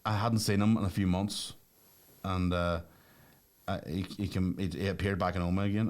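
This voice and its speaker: A man's voice: deep voice, moderate pace. A man in his twenties, a podcast co-host telling stories in casual chat with lots of swearing. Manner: animated storyteller, heavy swearing.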